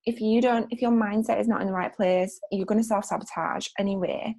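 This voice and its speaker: Gravelly-voiced woman hosting an interview. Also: medium pitch, steady tone, brisk, a little mellow. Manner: enthusiastic, agreeing, "like" fillers. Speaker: interview host. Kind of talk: casual conversation.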